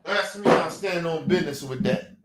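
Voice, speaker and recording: A man's voice: fairly high pitch, normal speed, heavy background noise. A young man on a livestream, ranting heatedly and profanely, repeating himself as he vents. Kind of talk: livestream rant.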